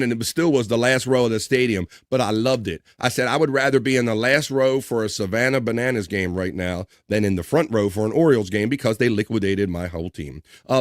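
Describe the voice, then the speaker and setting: A man hosting a casual livestream, reading out viewer comments with loose, joking shout-outs and easy laughs. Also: medium pitch, no room sound, studio quality. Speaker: livestream host.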